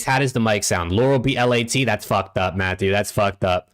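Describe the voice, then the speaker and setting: A man's voice: fairly low pitch, a little fast, a bit bright. A young man from the United States, hosting a live-stream watch party and chatting casually with his viewers, laid-back and profane, on a desk mic at home. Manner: laid-back, profane, talks to chat and reads out usernames.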